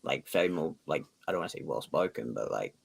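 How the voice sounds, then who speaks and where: An English man with a clear English accent, co-hosting a movie debate show in a chatty, teasing way. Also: rumbling low, expressive, fast talker. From England. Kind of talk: casual debate chat.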